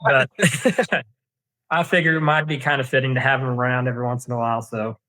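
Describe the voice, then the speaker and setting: Racing along in a mid-range, level voice that's bright and forceful, a young man from Kansas recounts a long hunting story as a podcast guest. He's a deer hunter, and his telling is folksy and rambling, with many fillers and restarts. The setting is a casual storytelling interview, recorded dry.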